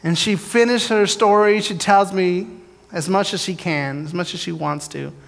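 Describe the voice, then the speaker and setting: A man's voice: sits high, moderate pace, creaky. A man giving a storytelling sermon, candid and self-deprecating, acting out his prayers and the dialogue in his story. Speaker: preacher giving testimony. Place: church sanctuary. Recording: long echo of a large hall.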